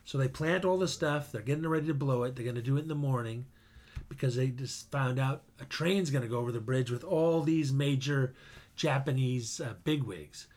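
A man co-hosting a podcast, retelling a film's plot in a casual, halting way. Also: mid-range voice, a little mellow. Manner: retells a film plot with many hesitations. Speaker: podcast co-host. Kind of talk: casual chat.

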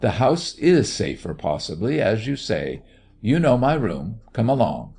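Reader voicing a grumpy pushy gentleman, low gravelly voice, impatient and dismissive. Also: very animated, measured pace, exaggerated voice. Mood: gruff. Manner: gruff, testy, dismissive. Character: selfish, impatient gentleman seducer, coarse and cross.

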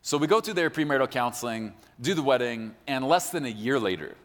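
A man preaching a sermon as a pastor, talking straight to his congregation with animated emphasis. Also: medium pitch, quick pace, long reverb tail. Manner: animated, addresses the congregation directly.

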